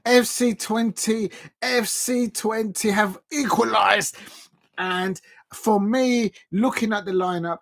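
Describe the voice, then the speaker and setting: A man giving live, rambling football watch-along commentary, chatting casually to his viewers and often correcting himself. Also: sits high. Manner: rambling and excitable, with frequent restarts and self-corrections.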